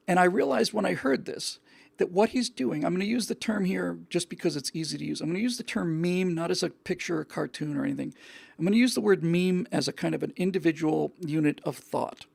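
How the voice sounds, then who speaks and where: A man's voice: high voice, normal speed, creaky, slightly rough, no echo. A male show host giving an earnest opinion monologue, often repeating words and restarting his sentences.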